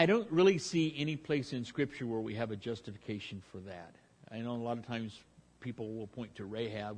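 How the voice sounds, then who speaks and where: A man's voice: on the low side, slightly rough. A man preaching verse by verse through a Bible passage, talking conversationally with frequent restarts and fillers.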